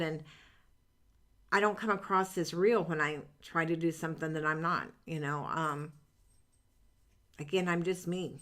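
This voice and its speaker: A middle-aged woman hosts a live reading stream in a casual, rambling way. She restarts sentences and leans on fillers, but stays earnest and upbeat. Her voice sits on the low side. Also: fairly even intonation, moderate pace, a bit bright. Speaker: psychic reader hosting a live stream.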